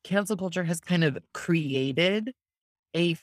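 A podcast host speaking earnestly and thoughtfully in a conversational interview, often speeding up and slowing down. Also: medium pitch, no echo, studio quality.

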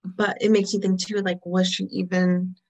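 Lower-voiced woman sharing theories. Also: level tone, moderate pace. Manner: thoughtful, chiming in with agreement and theories. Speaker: podcast co-host. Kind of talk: casual chat.

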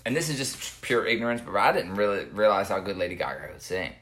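A man's voice: fairly low pitch, lively intonation, fast, fairly bright tone, slight background noise. A man co-hosting a podcast, laid-back in casual chat, swearing and laughing easily. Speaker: podcast co-host.

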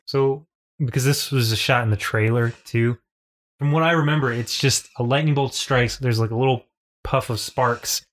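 A man's voice: medium pitch, normal speed. A man co-hosting a casual podcast, rambling and swearing casually. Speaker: podcast co-host.

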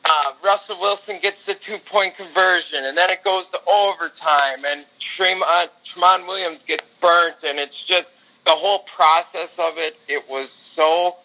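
A man on a casual sports podcast with a bright, forceful voice, spinning fan stories with loose swearing. He gets worked up recalling big games and talks in an easy, unscripted way. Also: a little high, normal speed, rough recording. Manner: storytelling, swearing, excitable when reliving games. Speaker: podcast co-host.

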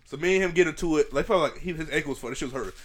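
A man's voice: a little high, rapid-fire, a bit bright. A man telling a rambling, profane story in casual chat.

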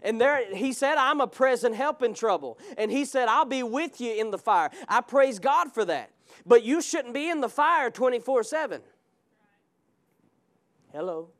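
A man's voice: very high voice, lively intonation, moderate pace. A male pastor preaching a fervent sermon in a church, with call-and-response asides to the congregation. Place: church sanctuary.

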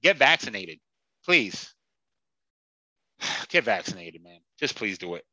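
A man's voice: fairly low pitch, big pitch swings, slow pace, pushed and bright, no room sound, dull audio. A man hosting a casual sports podcast, talking bluntly and heatedly with plenty of swearing. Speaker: podcast host.

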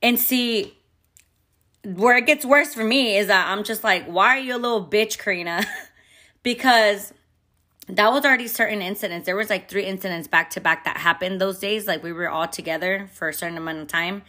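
A young woman and mother telling a personal story in a candid, expressive way, swearing freely. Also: mid-range voice, normal speed. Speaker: vlogger and mother. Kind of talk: casual storytime.

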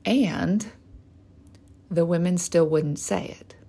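A woman's voice: lowish voice, takes it slowly, warm tone, slightly rough. A woman in her forties, a hormone specialist and trainer, telling a candid personal story in a conversational way with frequent asides to the listener.

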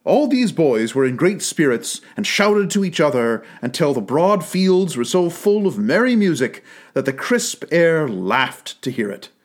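Expressive male storybook narrator. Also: on the high side, measured pace, hardly any pauses. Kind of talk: storybook reading.

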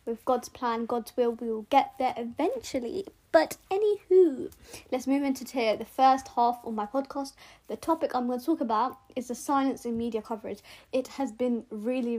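A young woman hosting her own podcast, talking earnestly in a rambling way with restarts and repeated words, recorded with rough sound at home. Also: a little high, darkish tone. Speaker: podcast host. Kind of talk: casual solo podcast monologue.

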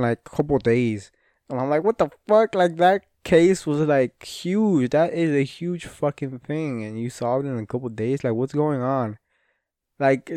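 A man talks slowly in a casual solo podcast, rambling and swearing with frequent fillers and restarts. His voice is smooth and clear, recorded dry and close with no room sound. He sounds a little sniffly. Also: mid-range voice, darkish tone, dry recording. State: sniffly and yawning. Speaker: podcast host.

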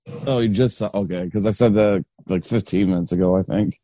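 Joking male guest, dark warm tone, quick to laugh. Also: fairly low pitch, fairly even intonation, no room sound. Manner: jokey, laughs often. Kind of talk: casual chat.

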